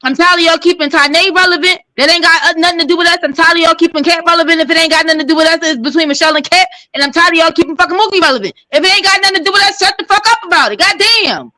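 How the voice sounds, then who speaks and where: A woman's voice: very high voice, racing, hardly any pauses, bright, forceful tone, dry recording, poor audio. A woman hosting a casual livestream chat, blunt and heated, swearing freely. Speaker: livestream host.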